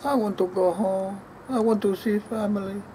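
A man puts on a weary, homesick addict with a dark, mellow voice. He sounds mournful, with a faint hum behind. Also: high-pitched, fairly even intonation, normal speed, close to an everyday voice, rough recording.

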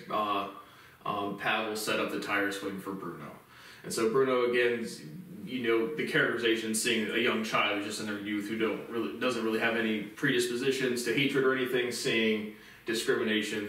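A man's voice: lowish voice, fairly bright tone. Rambling man reviewing films in an echoey room. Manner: rambling, halting with many fillers and restarts. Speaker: movie reviewer. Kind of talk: casual spoken film review. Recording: very echoey room, voice far from the mic.

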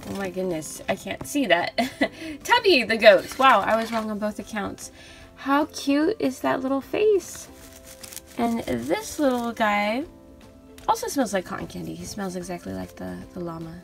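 A young woman hosting a toy unboxing video, gushing softly over each cute plush and reading out their names. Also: mid-range voice, lively intonation, measured pace, creaky, soft background music. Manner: gushing, soft and cooing over cute toys.

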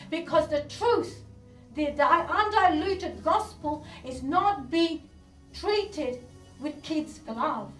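High-voiced woman preaching fervently. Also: fairly bright tone. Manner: fervent preaching with rhetorical questions and repetitions. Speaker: pastor. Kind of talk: sermon. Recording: echoey room from a distance with faint music.

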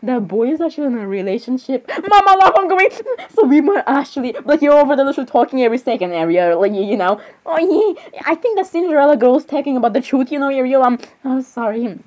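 Brief: high, lively young woman, giggly and flustered in a comic role-play. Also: quick pace, few pauses. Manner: giggly, flustered, many apologies and fillers. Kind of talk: comedic role-play reacting to clips.

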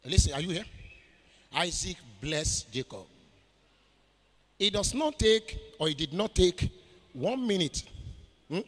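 High, lively Nigerian preacher in a hall. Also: male voice, unhurried, pauses often. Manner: preaching with call-and-response questions and shouted declarations. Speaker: pastor. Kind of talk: sermon. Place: church. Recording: echoey church hall.

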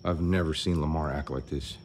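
A man vlogging outdoors on a small farm, chatty and worried, thinking out loud as he walks around. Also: a bass voice, steady tone, a little fast, slight background noise. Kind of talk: casual vlog commentary.

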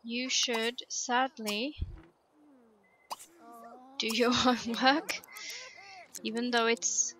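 A woman's voice: on the high side, little pitch movement, extremely slow, pauses often, fairly bright tone, low-quality recording. A woman casually commenting on her life-simulation game, gushing over the characters and chatting to them. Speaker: let's play host.

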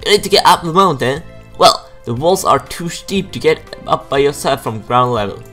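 A young man puts on a gruff townsman with a put-on accent, who gives hearty, folksy advice to a newcomer. His voice rises and falls a lot, with soft music behind. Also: mid-range voice, animated, moderate pace.

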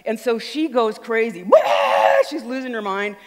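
A woman giving an animated storytelling talk on stage, acting out little voices and sounds as she goes. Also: fairly high pitch, normal speed, raised voice. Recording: long hall reverb.

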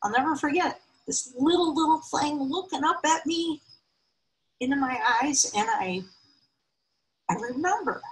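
Woman, fifties, personal storytelling, heartfelt, emotional, sudden high pitch lifts. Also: a little slow, pauses often, poor audio. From United States.

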